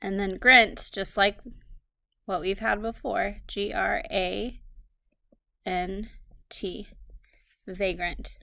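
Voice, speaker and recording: A woman teacher reads spelling words aloud at an unhurried pace, breaking each word into syllables and spelling it letter by letter. Her voice has a gravelly edge, and the recording is dry and close, with no room sound. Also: mid-range voice, pushed and bright, no echo. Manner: slow, deliberate dictation, spelling letter by letter. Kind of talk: recorded phonics lesson, dictating words.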